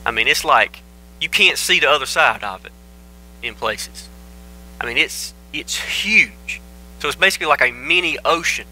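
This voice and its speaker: A man preaches, his voice very bright and ringing. He talks to the congregation in a relaxed, folksy way, cracking jokes and telling the story like a chat. He speaks into a microphone in a church. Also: a little high, normal speed, a little hiss or hum, poor audio. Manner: folksy, joking, conversational storytelling. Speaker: pastor. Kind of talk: casual folksy sermon. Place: church sanctuary.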